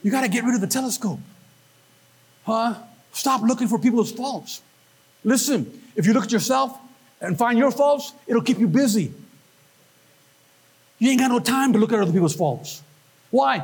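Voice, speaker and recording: A man preaching a sermon, animated, with call-and-response and questions to the congregation. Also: extremely high pitch, normal speed, long pauses, breathy edge. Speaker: pastor.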